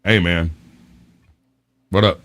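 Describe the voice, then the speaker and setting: Man doing a desk sergeant, gruff, dry, flat, unimpressed, low voice. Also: takes it slowly.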